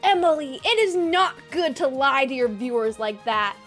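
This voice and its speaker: A woman's voice: sits high, animated, moderate pace, fairly bright tone, faint music behind. A woman doing her nagging mother. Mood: scolding. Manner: nagging, questioning. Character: scolding, nosy middle-aged mother.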